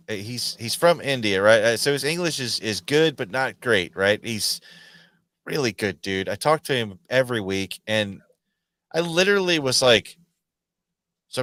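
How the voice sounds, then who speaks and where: A man telling stories in a lively, slangy podcast chat, full of "dude" and "man". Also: mid-range voice, unhurried, dry recording. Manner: animated storyteller, slangy, says dude and man a lot. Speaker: podcast guest. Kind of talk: casual chat.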